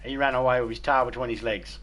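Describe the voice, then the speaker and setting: A man's voice: mid-range voice, fairly even intonation, fast, a bit bright. An Australian man chatting casually while streaming a game, crude and swearing heavily as he tells stories. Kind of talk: casual chat while gaming.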